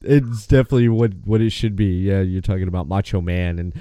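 Low mellow-voiced male podcast host. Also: smooth, no echo. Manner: relaxed, halting, restarts phrases. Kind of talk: casual podcast chat.

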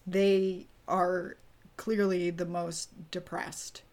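A woman's voice: on the low side, flat delivery, extremely slow, darkish tone. A woman hosting a casual TV recap podcast, asking her co-hosts questions and leading the talk. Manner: leads the discussion, asks the others questions. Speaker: podcast host. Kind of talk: casual chat.

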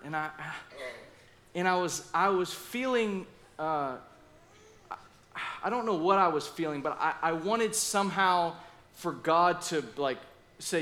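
A man preaching a sermon with passion, acting out his own inner dialogue and speaking with lively asides. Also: on the high side, moderate pace, a little hiss or hum. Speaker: pastor.

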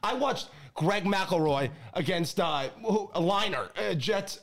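A man co-hosting a casual sports chat who gets worked up and shouts mid-rant. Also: high voice, animated, measured pace. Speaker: podcast co-host.

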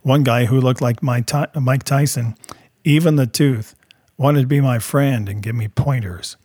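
A man narrating his own life story as a first-person testimony, in a plain, steady storytelling manner. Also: mid-range voice, unhurried, no echo, studio quality.

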